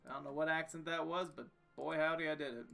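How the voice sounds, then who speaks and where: Faint music plays behind a young man who jokes his way through a strategy game on stream, talking to himself and to the game. He speaks quickly in a fairly high, steady voice that's gravelly, pushed, and bright.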